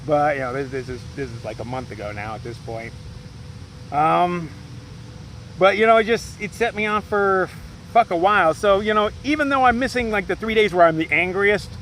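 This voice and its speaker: A man's voice: high-pitched, a bit bright, slight background noise, poor audio. A man, a solo hiker, telling a rambling story in a profane, agitated way, full of fillers. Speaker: solo trail hiker vlogger. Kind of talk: rambling casual rant.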